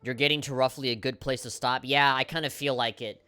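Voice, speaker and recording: A man streaming a game live, reacting in an excitable, profane way and reading the on-screen dialogue aloud. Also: mid-range voice, fairly quick, clean tone, soft background music. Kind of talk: casual live gameplay commentary.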